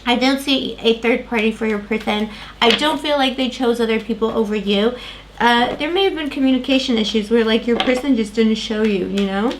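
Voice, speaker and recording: A woman's voice: fairly high pitch, a little fast, noisy background. A woman giving a tarot reading to camera, rambling with many fillers and restarts while losing her voice. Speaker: tarot reader.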